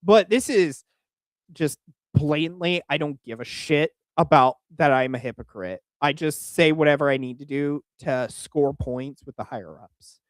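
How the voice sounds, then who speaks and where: Young guy from oklahoma ranting at a video, all over the place pitch-wise, crude and fed up. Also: measured pace, no room sound. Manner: animated, crude and exasperated, with frequent restarts. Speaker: streamer reacting to a video. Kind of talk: casual reaction commentary.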